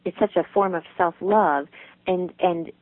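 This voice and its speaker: A woman's voice: fairly low pitch, measured pace, no echo. Reflective woman on a dry phone line. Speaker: guest author. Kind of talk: casual interview chat.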